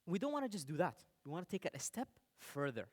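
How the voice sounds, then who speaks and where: A young man from the United Arab Emirates giving a playful, animated talk on stage and speaking straight to the audience. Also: a little high, fast. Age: young adult.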